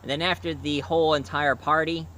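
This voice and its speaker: Male reviewer, casual rambling retelling, bright clear tone, faint noise behind. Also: on the high side, level tone, a little fast. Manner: rambling plot retelling with fillers. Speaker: cartoon reviewer.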